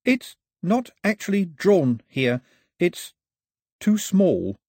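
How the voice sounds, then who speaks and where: A man voicing a nervous, eager young man who explains things in a high, hesitant voice. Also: big pitch swings, slow pace, a little mellow, husky, no echo, clean studio sound, exaggerated voice.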